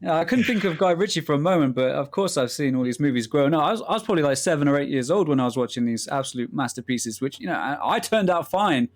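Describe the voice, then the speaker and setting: A man's voice: a little high, fast, hardly any pauses. Bantering man, Midlands accent. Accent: English Midlands. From English Midlands. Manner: relaxed, banters, trails off and restarts. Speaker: interviewer. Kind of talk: casual interview chat.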